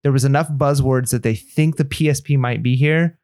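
A man's voice: mid-range voice, fairly quick, no echo, clean studio sound. A man on a podcast telling a story in casual chat, acting out the lines of the people in it. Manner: animated anecdote telling, acts out quoted dialogue. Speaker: podcast co-host.

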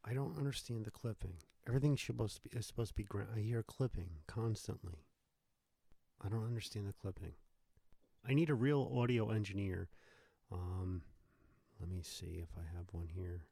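A man's voice: fairly low pitch, moderate pace, vocal fry, warm tone, breathy edge, no echo. A man hosting a live call-in show, irritable and blustering, complaining and swearing about his setup. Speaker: show host.

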